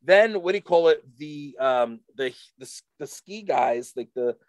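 A man casually telling a rambling, animated story full of fillers to a friend. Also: a little high, measured pace, no echo. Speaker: storyteller in a chat.

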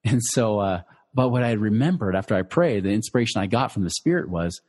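A man's voice: on the low side, quick pace, hardly any pauses, darkish tone, breathy edge, long reverb tail. A middle-aged man who teaches personal finance, telling listeners a personal story in a loose conversational way, full of fillers and restarts. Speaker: financial educator.

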